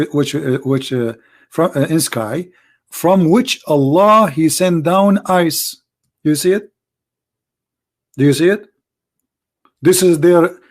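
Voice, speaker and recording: A man with a hoarse voice who debates religion in a sarcastic, mocking way in an online commentary video. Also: sits high, darkish tone.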